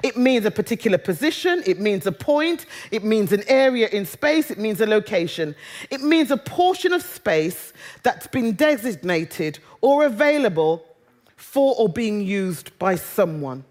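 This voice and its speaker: Lively woman preacher with humor. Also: medium pitch. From Britain. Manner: humorous, conversational, drawn-out quoted phrases. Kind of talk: sermon.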